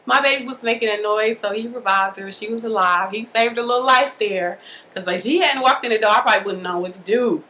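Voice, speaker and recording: Woman, casual storytelling, animated and colloquial, higher voice, bright tone. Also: fairly quick, poor audio. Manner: animated, colloquial, acts out the scenes. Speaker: mother telling a birth story.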